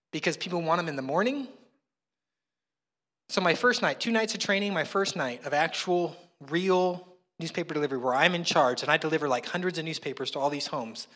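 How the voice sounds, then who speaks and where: A male pastor preaches in a chatty, self-mocking storytelling way. His voice sits high and sounds bright and forceful. The sound trails off in long reverb from a large hall. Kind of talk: sermon.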